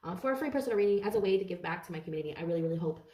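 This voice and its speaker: A woman giving a casual tarot reading to camera, swearing freely, repeating herself and rising into animated rants. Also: on the low side, rapid-fire, roomy sound, distant mic, noisy background. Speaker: tarot reader.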